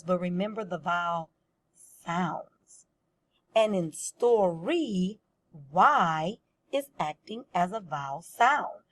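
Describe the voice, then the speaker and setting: A woman teaching a first-grade reading lesson, patiently sounding out words and guiding young children step by step. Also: fairly low pitch.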